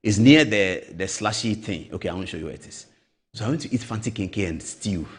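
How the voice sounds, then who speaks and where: A man's voice: on the low side, fairly quick, breathy edge. A middle-aged Ghanaian man hosting a show, telling stories with heavy emphasis and acting out the voices of other people. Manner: storytelling, acts out voices, emphatic. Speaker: show host. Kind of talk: animated political commentary.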